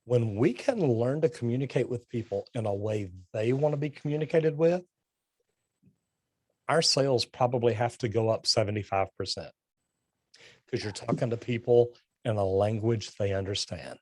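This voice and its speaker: A man talks with a guest's blunt, get-to-the-point manner at an ordinary middle pitch. He tells stories full of quoted back-and-forth dialogue. The sound is dry and close. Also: moderate pace, dry recording. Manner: animated storytelling with quoted dialogue. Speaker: plumber and sales guest. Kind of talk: casual interview conversation.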